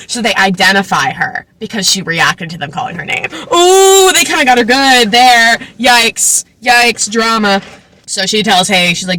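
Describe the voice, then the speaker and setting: A young woman in her twenties chats through a book recap for her vlog. Her voice is bright and clear, and she talks in a loose, filler-heavy way, throwing in sarcastic asides as she goes. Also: mid-range voice, moderate pace. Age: 20s. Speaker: book vlogger.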